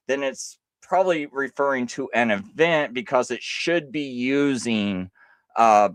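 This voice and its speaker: A man hosting a live stream, talking casually and insistently, with halting restarts as he argues a point. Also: mid-range voice, clear, resonant tone, no echo.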